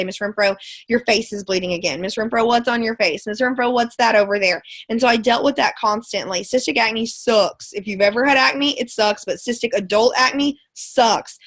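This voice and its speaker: Over an online call, a woman who is a schoolteacher and a sales ambassador for wellness products gives a live motivational pep talk. She is chatty and folksy, calling listeners "girlfriend" and "y'all" and stacking repeated words for emphasis. Her voice is somewhat high with a fairly bright tone.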